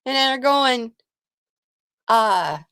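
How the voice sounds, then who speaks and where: A woman's voice: on the high side, animated, very slow, sharp tone, smooth, no room sound. A woman in her sixties hosting a casual live stream, telling a story and breaking off to greet viewers, laughing often. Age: 60s. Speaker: livestream host and card reader.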